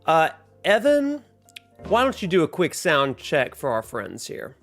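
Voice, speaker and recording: A man's voice: fairly high pitch, wildly swooping pitch, a little slow. A man hosting a casual livestream, chatty and upbeat, laughing often. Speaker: livestream host. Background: soft lo-fi music.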